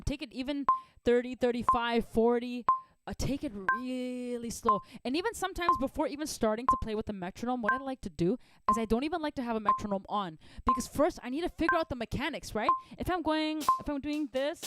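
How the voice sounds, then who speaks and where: A woman's voice: a little high, very noisy. A woman teaching a live online drum lesson, upbeat and encouraging, counting beats aloud over her playing. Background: drumming.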